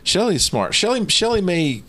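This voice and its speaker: A man's voice: sits high, very animated, normal speed, bright, forceful tone. A man co-hosting a casual chat and cutting in with wry, sarcastic asides. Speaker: podcast co-host. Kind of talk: casual chat recapping a reality show.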